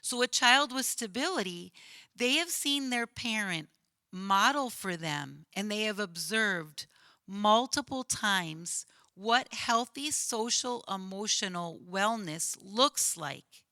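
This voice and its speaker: A woman's voice: medium pitch, animated, slow pace, pushed and bright, no echo. A woman in her fifties, a school counselor, telling a vivid story at a panel and checking in with "right?". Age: 50s. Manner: earnest, vivid retelling with frequent "right?".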